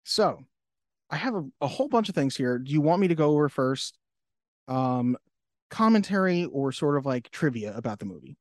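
A man's voice: fairly high pitch, very animated, normal speed, darkish tone, no echo, studio quality. A man co-hosting a podcast in casual chat, laughing often and acting out quotes. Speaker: podcast co-host.

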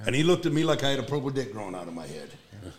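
A man, a retired Marine gunnery sergeant, telling war stories in an emphatic, profane, animated way. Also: mid-range voice, racing. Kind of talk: casual war storytelling.

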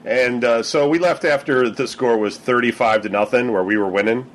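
A man's voice: medium pitch, normal speed. A man on a podcast recounting a night out in a rambling, hesitant way. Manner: rambling, hesitant with many fillers. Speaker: podcast co-host. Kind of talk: casual chat.

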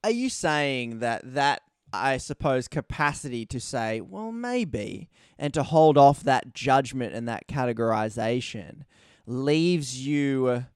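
A man hosting a conversation who asks slow, thoughtful questions with some hesitation. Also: medium pitch, smooth, no room sound, clean studio sound. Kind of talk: interviewer asking questions.

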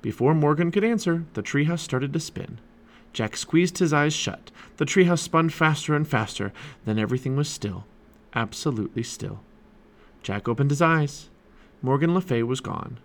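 A man's voice: a little high, moderate pace. A man narrating a children's chapter book aloud for his family. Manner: animated storytelling. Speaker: storybook reader.

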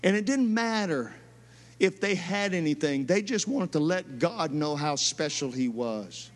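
Animated man preaching a sermon. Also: fairly high pitch, unhurried, long reverb tail. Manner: storytelling, animated and emphatic. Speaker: pastor. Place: church sanctuary.

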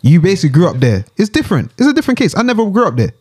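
A man's voice: high-pitched, huge pitch swings, racing, a little mellow, breathy edge. A young man from the UK, hosting a casual group chat with swearing and slang, asking the others questions. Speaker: host.

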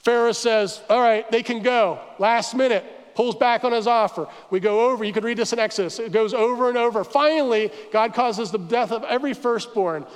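A man preaching a sermon as pastor, telling the story with animated asides and acting out the crowd's complaints. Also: very high voice, a little fast, few pauses, clean tone. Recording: church hall reverb.

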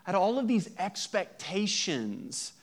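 A man's voice: high-pitched, measured pace. A man in his thirties, a pastor, giving a sermon and telling a funny family story with laughter. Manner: lively storytelling, laughs often, acts out voices.

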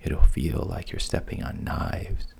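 A man voicing a scheming female sea witch in a soft, breathy whispered role-play. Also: measured pace, natural voice. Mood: bargaining.

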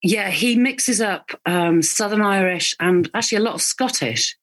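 A woman, a voice coach, explaining accents in a clear, instructive way. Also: mid-range voice, moderate pace.

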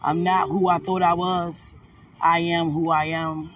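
A woman quoting her partner, a gruff man who scolds her and then humbly apologizes, in a lowered, quiet voice. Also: little pitch movement, unhurried, distant mic, a little hiss or hum, natural voice. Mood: quiet reproach.

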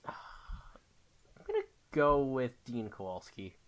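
Quick-quipping speaker with a lively voice. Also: medium pitch. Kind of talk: casual chat.

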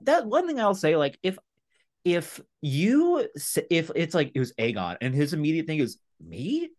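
Animated man with a lively voice. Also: on the high side, moderate pace. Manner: animated, profane, lots of fillers. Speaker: podcast co-host. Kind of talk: casual review chat.

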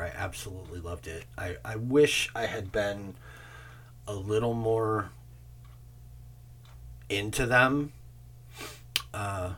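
A man's voice: low-pitched, a little hiss or hum. A man in his forties hosting a music show, chatting casually and meandering between thoughts, with casual swearing. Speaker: show host presenting music tracks. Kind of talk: casual rambling music talk.

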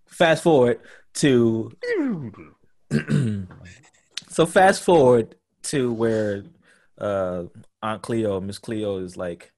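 A man's voice: fairly low pitch, extremely slow, gravelly, pauses often, darkish tone. A man co-hosting a podcast, casually recapping a TV episode as a loose story full of profanity. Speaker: podcast co-host.

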